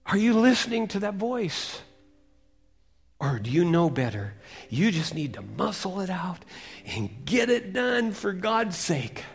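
Dramatic preacher swinging loud and hushed. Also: male voice, sits high, sing-song, measured pace, creaky, breathy edge, soft background music. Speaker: pastor. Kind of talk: sermon.

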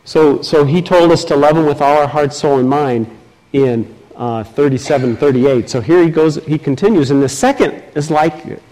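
A man preaching as pastor reads scripture aloud in a slow, emphatic sermon, his pitch swinging lively up and down. The audio quality is poor.

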